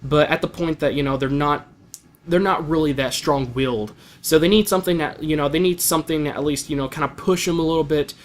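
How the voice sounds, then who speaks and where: A man's voice: on the high side, fairly even intonation, a little fast. Rambling young man reviewing anime. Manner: rambling, many fillers and restarts. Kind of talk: casual spoken review.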